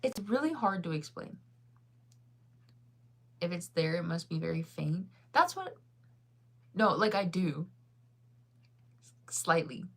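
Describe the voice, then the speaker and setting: Woman, thirties, faint Midwestern accent, slightly low voice, casual rambling chat, many fillers. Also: expressive, measured pace, pauses often, breathy edge. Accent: faint Midwestern American. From United States. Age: 30s. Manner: rambling, filler-heavy, laughs often. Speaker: streamer answering viewer chat.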